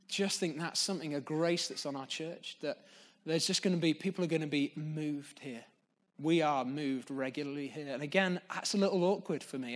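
A male pastor delivers an unscripted sermon to his church in an earnest, reflective way. His voice sits a little higher than most men's. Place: church gathering.

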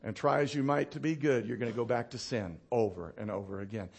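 A male pastor preaching a sermon who tells stories with animation, laughs at his own anecdotes, drops low and quiet to land a point, and asks the congregation for responses. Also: fast, gravelly, a little hiss or hum.

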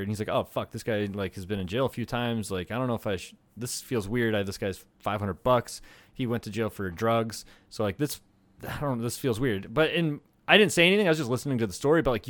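A man co-hosting a podcast, telling a story in a rambling, profane, animated way. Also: mid-range voice, no room sound. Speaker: podcast co-host. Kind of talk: casual storytelling chat.

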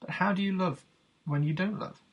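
A man's voice: high-pitched, normal speed, slightly rough, muffled recording, pitched above the performer's own voice. A man reading as a worried husband. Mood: insistent. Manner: worried, pleading. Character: worried married man at a seminar.

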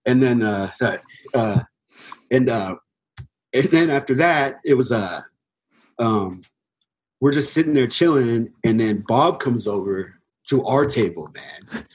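Young man, husky voice, laid-back storyteller, rambling with fillers. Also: medium pitch, lively intonation, measured pace, long pauses, rough recording. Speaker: touring band musician. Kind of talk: casual storytelling.

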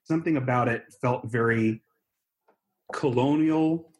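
An American man co-hosts a casual podcast, rambling, joking, and interrupting himself with many restarts. His voice is mid-range and a little slow.

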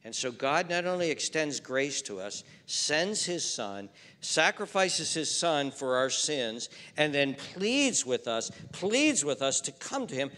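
Bright, high-voiced man preaching in a reverberant hall. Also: sing-song, slow, hardly any pauses. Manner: impassioned preaching that drops to hushed appeals. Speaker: pastor. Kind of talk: sermon. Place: church hall before a seated congregation.

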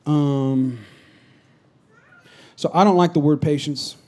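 A man preaching a conversational sermon as a pastor to a congregation, swinging from loud exhortation to quiet asides. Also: a little high, steady tone, slow pace. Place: church stage before a congregation.

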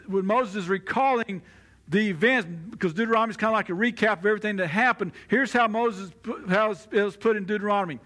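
A male pastor preaching with a very high voice. His tone is bright and forceful, and he talks to the congregation in a conversational way. He often slips into the voices of the people in his examples. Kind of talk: sermon.

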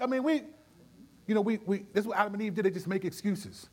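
Animated man pastor, slightly high voice. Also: fast. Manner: animated, with frequent restarts and playful voices. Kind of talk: conversational Bible teaching in a Q&A.

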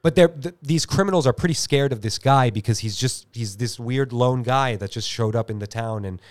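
A man's voice: medium pitch, moderate pace, no room sound. A man hosting a podcast, chatting loosely, joking and swearing freely. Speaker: podcast host. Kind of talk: casual chat.

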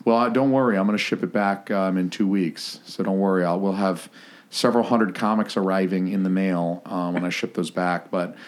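A man's voice: sits low, steady tone, a little fast. A man hosting a podcast in casual chat, crude and joking, rambling with fillers. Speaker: podcast host.

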